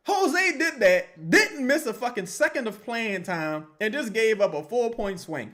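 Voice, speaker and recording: A man reacting live to a basketball game and reading chat, with loud, profane, exasperated outbursts. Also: very high-pitched, sing-song, moderate pace, few pauses. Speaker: sports streamer reacting live.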